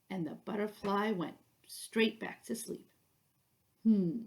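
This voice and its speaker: Lady reading a kids storybook, slow, lots of ups and downs, bit gravelly. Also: medium pitch. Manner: slow, expressive read-aloud. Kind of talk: reading a children's picture book aloud.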